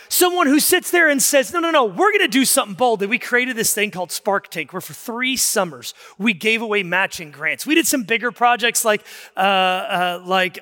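A man preaching a sermon as pastor, telling stories in an animated way that rises to shouts of emphasis. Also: sits high, long reverb tail. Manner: animated storytelling, rising to shouts.

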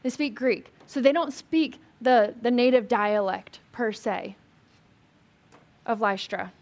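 Chatty woman teaching scripture, higher voice. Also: takes it slowly. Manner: chatty and animated, many "like" fillers, humorous asides. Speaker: Bible teacher. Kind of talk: casual sermon teaching to a live group.

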